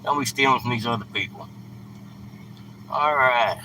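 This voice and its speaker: A man hosts a casual live stream from inside his truck by the street while handing out food, his medium-pitched voice bright and forceful at a normal speed. He's blunt and plain-spoken, scolding at times. The rough recording picks up car and street traffic from outside.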